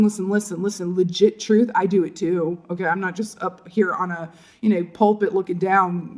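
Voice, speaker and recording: A woman's voice: mid-range voice, steady tone, a little fast, hardly any pauses, fairly bright tone. Chatty woman giving a tarot reading. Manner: chatty, often adds "right?" and "you know"; laughs often while talking. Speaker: tarot reader. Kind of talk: casual tarot reading to camera.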